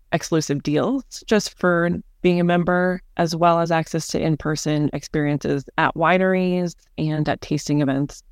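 A woman's voice: low voice, darkish tone, dry recording, clean studio sound. A woman, a senior director and podcast guest, explaining her company's services in an upbeat, enthusiastic way. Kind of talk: business podcast interview.

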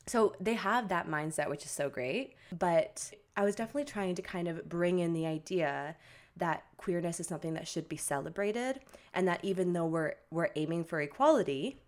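A young woman co-hosts a podcast in her lower register. She talks in a loose, chatty way, full of "like" fillers, and mimics her relatives' lines as she tells a story. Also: normal speed. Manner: chatty storytelling, many "like" fillers, acts out family quotes. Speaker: podcast co-host. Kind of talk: casual podcast chat.

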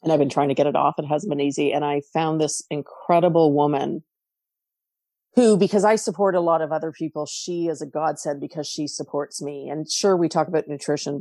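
Middle-aged Canadian woman, low voice, animated storyteller, dry close recording. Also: creaky, dry recording. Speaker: podcast guest, coach. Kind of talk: casual interview talk.

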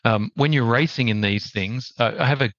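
A man with an Australian accent, a podcast guest telling a story in a measured, reflective way. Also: mid-range voice, fairly bright tone, no echo, highs cut off. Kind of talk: conversational storytelling.

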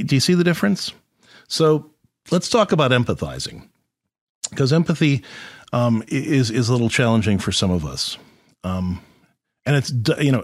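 A man hosting an advice podcast, explaining in an animated, conversational way with frequent restarts and rhetorical questions. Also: medium pitch, slightly rough, no echo, studio quality. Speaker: podcast host, therapist.

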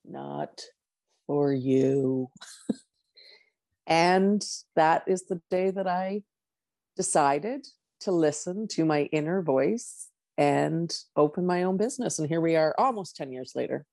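A middle-aged woman with a low, gravelly voice tells a personal story in a candid monologue. She is a coach and voices her own inner dialogue. The sound is dry and close. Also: measured pace, a little mellow, no echo.

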